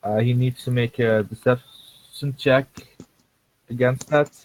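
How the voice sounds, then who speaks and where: A man playing a tabletop game, asking measured questions about the rules. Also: medium pitch, fairly even intonation, a little mellow, low-quality recording. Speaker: player.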